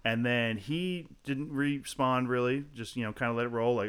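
A man's voice: mid-range voice, normal speed, clean tone. A man, a guest comedian, telling a story in a casual podcast chat, swearing freely and acting out the people in it with shifting voices. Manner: animated, acts out quotes in shifting voices.

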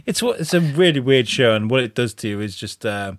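A man hosts a casual podcast, rambling through sweary, animated stories. His pitch sits in the middle, and the recording is dry and close. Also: fairly quick, no echo. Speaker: podcast host. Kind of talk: casual chat.

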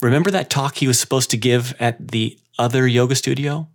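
A man who owns a yoga studio, telling a personal story in an unhurried, reflective way with dramatic pauses. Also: medium pitch, fairly even intonation.

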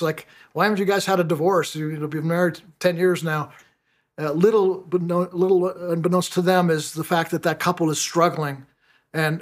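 Man preaching, middle-aged, halting delivery with repeated words, slightly high voice. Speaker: pastor. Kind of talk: sermon.

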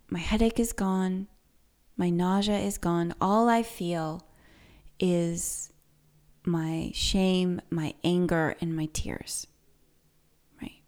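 A woman telling a personal story in an earnest, reflective way, speaking softly and often dropping to a near-whisper. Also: on the low side. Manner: soft and unhurried, often sinking to a near-whisper.

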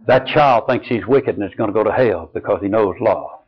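An older man preaching a sermon and telling personal stories, slow and earnest, dropping soft and low on key lines. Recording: dull lo-fi recording.

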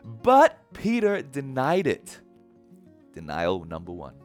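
A man's voice: mid-range voice, huge pitch swings, slow pace, faint music behind. A man preaching a casual sermon, retelling a story and acting out the characters' lines in a conversational way. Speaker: pastor.

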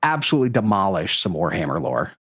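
A man's voice: sits low, fast, husky, no echo, studio quality. A man in his thirties co-hosting a casual podcast, talking with enthusiasm. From Houston area. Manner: enthusiastic, animated storyteller. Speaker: podcast co-host. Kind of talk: casual chat.

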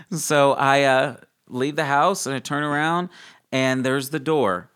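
Excitable young man telling wild stories. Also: slow pace, clear, resonant tone. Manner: excited storyteller who acts out quotes in a high voice and laughs often. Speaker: guest. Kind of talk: animated faith testimony in an interview.

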